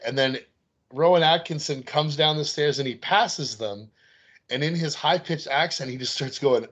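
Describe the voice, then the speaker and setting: A man's voice: mid-range voice, normal speed, fairly bright tone, highs cut off. A man co-hosting a podcast, chatting casually and laughing as he retells movie scenes. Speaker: podcast co-host. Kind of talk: casual chat.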